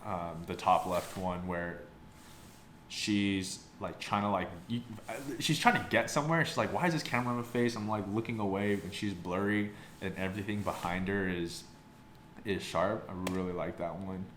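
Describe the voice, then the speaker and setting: A man's voice: low-pitched, moderate pace, fairly bright tone. A young man casually reviewing a photobook, rambling and swearing, with lots of "like". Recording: roomy sound with faint background noise.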